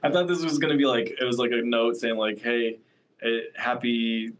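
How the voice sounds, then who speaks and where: A man's voice: medium pitch, fast, rough recording. A man co-hosting a podcast in casual chat, joking and laughing often. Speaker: podcast co-host.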